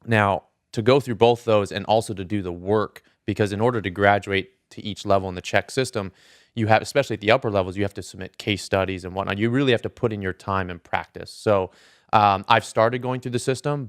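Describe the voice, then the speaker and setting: Earnest male guest with a smooth voice. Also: sits low, dry recording, studio quality. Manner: earnest and explanatory. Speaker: podcast guest, strength coach. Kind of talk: casual podcast interview.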